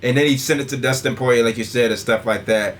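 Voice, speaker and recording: A young man hosting a casual podcast, rambling through his opinions in an easygoing way. His voice sits at an ordinary middle pitch and keeps circling back with filler phrases. Faint background noise is in the recording. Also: steady tone, fast talker. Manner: rambling, says "and stuff like that" constantly. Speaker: podcast host.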